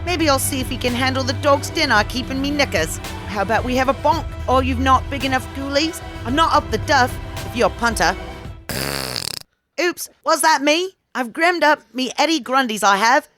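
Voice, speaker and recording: A woman's voice: high-pitched, normal speed, natural voice. A woman voicing a crude, brash female British cop with a cheeky, slangy manner and a put-on British accent, music behind. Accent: fake British.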